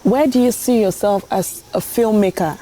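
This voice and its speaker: A woman hosting a talk show, announcing segments and asking questions in a measured way. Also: mid-range voice, mellow, a little hiss or hum. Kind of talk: broadcast interview hosting.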